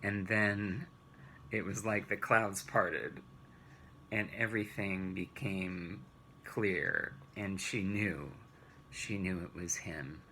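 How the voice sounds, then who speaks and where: A man teaching a children's Bible lesson, retelling the story gently and asking rhetorical questions. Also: sits low, fairly even intonation, slow pace, slight background noise, poor audio.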